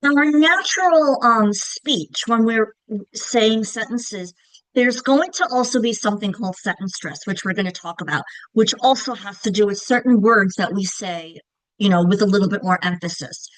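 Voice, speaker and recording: A woman's voice: mid-range voice, normal speed, no echo, poor audio. Long Island woman explaining reading. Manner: explanatory, frequent "right?" check-ins. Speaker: reading teacher. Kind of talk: instructional presentation.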